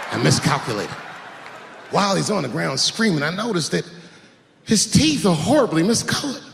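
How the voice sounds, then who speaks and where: A male stand-up comedian performs an animated story, shouting his punchlines. His voice sits high and swings widely in pitch, and a long hall reverb with faint room noise trails behind it. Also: moderate pace, vocal fry, long pauses. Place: large theater stage.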